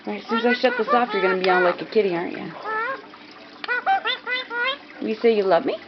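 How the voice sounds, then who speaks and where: A woman's voice: mid-range voice, very animated, fairly quick, heavy background noise. An older woman talking to her pet bird in sing-song, repetitive baby talk, cooing and coaxing it, in a home with running water behind. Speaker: pet owner. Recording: muffled lo-fi home video, loud running water.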